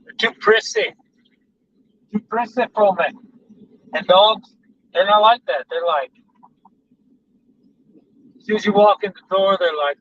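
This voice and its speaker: Bright-voiced guy rambling in the car, kinda far from the mic, muffled with faint road noise. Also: high voice, a little slow, pauses often. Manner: rambling, chatty storytelling. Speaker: vlogger. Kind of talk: casual chat while driving. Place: car on a highway. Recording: distant, dull in-car recording with road noise.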